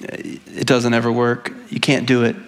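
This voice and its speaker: A man's voice: mid-range voice, completely flat delivery, unhurried. A male pastor giving a conversational sermon, earnest and often asking the congregation "right?". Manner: conversational, frequently asks "right?"; earnest, with repeated restarts.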